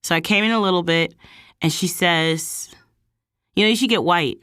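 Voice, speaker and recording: Low-pitched female vlog host, chatty storyteller who acts out the people she quotes, dry recording. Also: normal speed, dry recording. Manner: animated, quotes people in higher voices. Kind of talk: casual storytelling.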